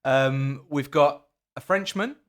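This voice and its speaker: A man hosts a football podcast at an ordinary middle pitch. He talks in a loose, chatty way and trips over his words now and then. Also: slow pace. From England. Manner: chatty, with frequent fillers and restarts. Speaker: podcast host. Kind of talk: casual football podcast chat.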